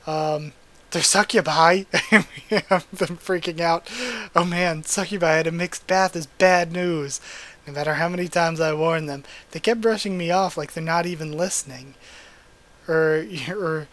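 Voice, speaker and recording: A host reads a manga chapter aloud for a live reaction, voicing each line in turn. The voice sits at an even middle pitch. The reading keeps breaking off into side comments and quick self-corrections. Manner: frequent restarts and small corrections while reading.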